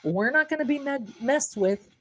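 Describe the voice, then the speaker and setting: A woman's voice: high-pitched, lively intonation, moderate pace. A middle-aged woman hosting a live tarot stream, chatting casually and rambling to her viewers, calling them her darlings.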